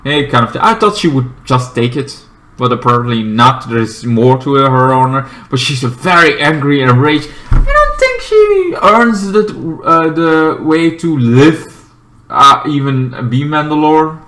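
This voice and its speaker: Male reviewer, casual and rambling, bright forceful tone, lots of filler words. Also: mid-range voice, measured pace. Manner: rambling, many fillers and restarts, bursts into shouted character quotes. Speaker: TV show reviewer. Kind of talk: casual spoken review with acted-out quotes.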